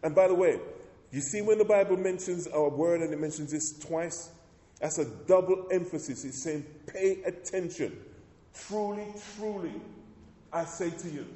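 A man's voice: fairly high pitch, mellow. Man preaching in an echoey hall. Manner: preaching with rising emphasis, calls for amens. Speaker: pastor. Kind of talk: sermon. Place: church.

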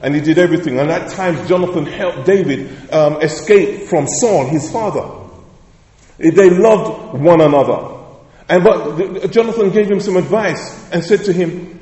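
A man's voice: sits high, moderate pace, dark tone. A male pastor preaching a sermon with emphatic declarations, repeated phrases and rhetorical questions, in a church. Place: church sanctuary. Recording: echoey church hall with long reverb.

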